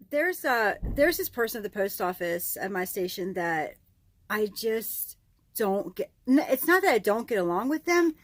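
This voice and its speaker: A woman who works as a mail carrier, telling a chatty vlog story and growing animated and incredulous as she vents. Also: medium pitch, slow, pauses often, no room sound. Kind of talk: casual daily vlog chat.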